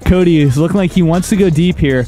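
A young man commentating a backyard football game with playful play-by-play that builds to excited calls. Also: on the high side, fast, faint music behind.

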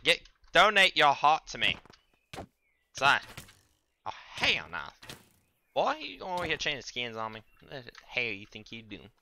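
A young man streaming a game in casual commentary, stammering and restarting his words, often breaking into loud trash talk at the monsters. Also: mid-range voice, a little hiss or hum. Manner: trash-talks the game's monsters, loud bursts of exasperation.

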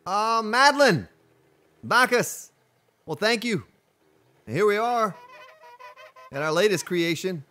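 A male streamer with a deep voice talks casually over his gameplay, reading chat messages and greeting viewers. His pitch rises and falls freely as he chats, animated and conversational. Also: takes it slowly, long pauses. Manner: chatty, reads chat aloud, greets viewers. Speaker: game streamer. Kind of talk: casual live-stream commentary.

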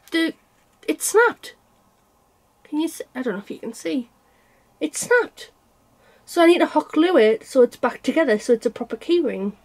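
A woman with a bright, high speaking voice chats to camera about her cross-stitch work. She teases herself and laughs often, and she is getting over a cold. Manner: chatty and self-mocking, laughs often. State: unwell with a cold. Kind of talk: casual chat to camera.

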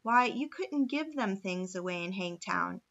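A man's voice: sits high, animated, unhurried, gravelly, pushed and bright, lo-fi sound, heavily acted. A woman voicing a folksy, plain-talking old gold miner with a backwoods drawl.

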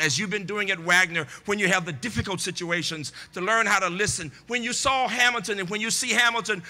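A man's voice: high voice, bright, forceful tone, in a large hall. An older man giving a commencement address, emphatic and preacher-like, repeating lines for the crowd under a large tent. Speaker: commencement speaker. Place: large tent at an outdoor ceremony.

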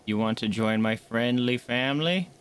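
A young man streaming a game, chatting casually with viewers, excitable, swearing, jumping from hushed asides to loud outbursts. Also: mid-range voice, normal speed, a little hiss or hum. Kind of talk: casual gameplay commentary.

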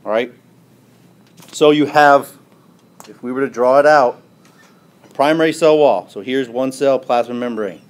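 A man lectures on biology to a class. He draws on the board as he goes, poses questions and then answers them himself. He keeps checking in with a steady "right?" and "okay?". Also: mid-range voice, unhurried, long pauses. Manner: drawing on a board while explaining.

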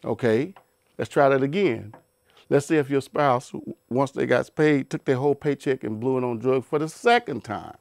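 A man's voice: mid-range voice, moderate pace, creaky, a little mellow, no room sound. A man giving an informal Bible talk, emphatic and repetitive, with rhetorical questions and many restarts. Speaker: Bible teacher.

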